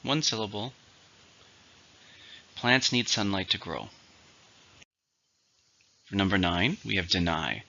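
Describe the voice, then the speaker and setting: In a vocabulary lesson, a man methodically covers English syllables, stress and example sentences. His somewhat low voice is very bright and tense, animated with wide-ranging pitch, slow, with vocal fry and frequent pauses. The recording sounds dull and lo-fi.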